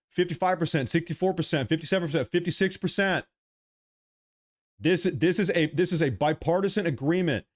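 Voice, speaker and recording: Heated American livestream host. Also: male voice, normal speed. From United States. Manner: heated, repetitive, combative; swings between loud and low mutters. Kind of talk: livestream commentary. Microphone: headset.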